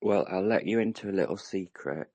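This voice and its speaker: Englishman, very low husky voice, dry sound, hesitant musing regular in a group chat. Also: brisk, a little mellow, no room sound. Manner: musing, hesitant with many ums and restarts. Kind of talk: casual online group chat.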